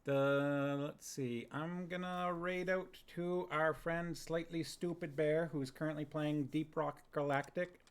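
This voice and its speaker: A man's voice: fairly high pitch, steady tone, slow, few pauses. A man streaming a book reading, casually chatting with his viewers, laughing often and reading their comments aloud.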